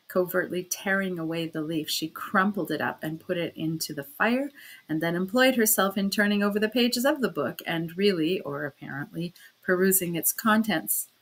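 A woman narrating a classic novel in a measured, steady reading voice. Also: fairly low pitch, rough recording. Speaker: audiobook narrator.

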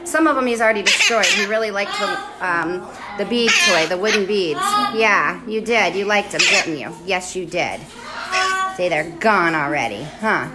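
A woman caring for parrots at a rescue, filming on her phone and talking to the birds in a high, sing-song baby voice between explanations to viewers. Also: lively intonation, moderate pace. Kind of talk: live-streamed feed from a bird rescue. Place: indoor bird rescue room. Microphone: phone held in hand. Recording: loud bird noise behind. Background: loud parrot squawks and chatter.

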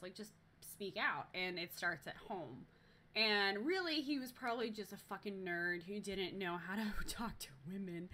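Bright-voiced young woman telling a livestream story. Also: mid-range voice, normal speed. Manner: animated, profane, lots of fillers and restarts. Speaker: live streamer. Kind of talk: casual live-stream storytelling.

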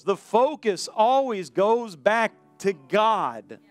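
Male pastor, high voice, animated sermon delivery with acted-out quotes, soft music underneath. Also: moderate pace, no echo. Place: church sanctuary.

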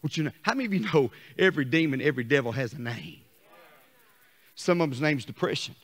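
A man preaching a sermon to his congregation, animated, dropping to quiet asides and rising to shouts. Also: high-pitched. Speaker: pastor. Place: church sanctuary. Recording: long hall reverb.

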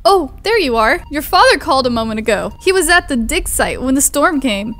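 A woman reading the lines of a kind mother character in a video game, in a gentle, calm tone. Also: high voice, fairly quick. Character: kind caring game mom NPC.

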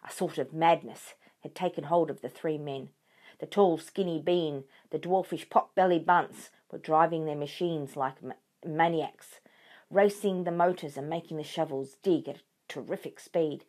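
A woman reading a children's book aloud in a clear, expressive way. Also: deep voice, normal speed. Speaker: storyteller for children.

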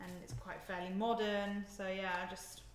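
A woman's voice: mid-range voice, little pitch movement, normal speed. A young woman chatting to viewers during a live stream as she cooks in her home kitchen, often laughing. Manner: chatty, giggly, talks to viewers while moving around the kitchen. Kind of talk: casual live-stream chat while cooking. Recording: echoey kitchen, faint noise.

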